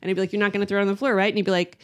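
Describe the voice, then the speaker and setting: A woman telling a story in casual chat, animated and laughing often, with heavy use of "like". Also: mid-range voice, rapid-fire, clear, resonant tone.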